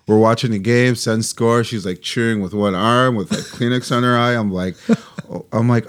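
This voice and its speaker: Speaking at a moderate pace in a voice on the low side, this young podcast co-host spins a lengthy tale in relaxed conversation. He's lively and performs other people's words.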